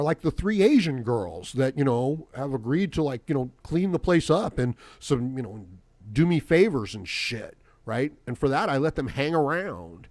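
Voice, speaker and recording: A man's voice: fairly high pitch, darkish tone, dry recording. A man hosting his own podcast in a rambling, profane solo monologue that is full of fillers. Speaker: podcast host.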